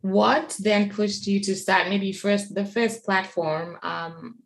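Slow-speaking woman podcast host. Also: medium pitch, fairly even intonation, gravelly. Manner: unhurried, soft questions with backchannel murmurs. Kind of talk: interviewing.

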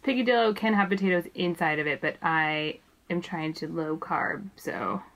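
A woman's voice: low-pitched, moderate pace, a bit bright, poor audio. A woman co-hosting a podcast, chatting casually and rambling with fillers and laughs. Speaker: podcast co-host. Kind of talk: casual chat.

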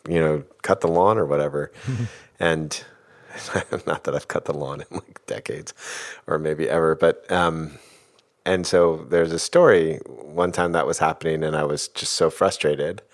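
A middle-aged man, a guest speaker on emotions, reflects thoughtfully in a casual talk packed with fillers like "like" and "you know." His voice is very deep and steady, and he takes an unhurried pace.

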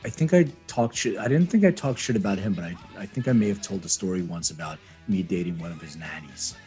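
A man from Philadelphia co-hosting a podcast, telling stories in an animated way in casual chat. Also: sits low, quick pace, soft background music. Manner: animated storyteller. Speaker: podcast co-host.

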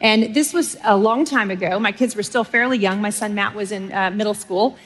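A woman's voice: mid-range voice, fairly quick. A middle-aged woman from Texas, preaching a sermon and telling stories with humor while speaking directly to her audience.

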